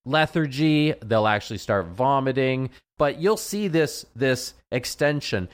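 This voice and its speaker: A man's voice: mid-range voice, lively intonation, unhurried, smooth. A man, a veterinarian, chatting casually on a radio show, rambling and often repeating his words. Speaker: veterinarian guest.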